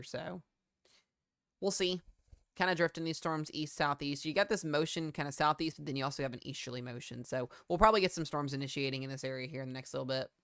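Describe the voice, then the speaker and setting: A man's voice: mid-range voice, a bit bright, clean tone. A man in his twenties giving casual live weather commentary, chatty and loose with many fillers while he answers viewers' questions. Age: 20s. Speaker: weather livestreamer.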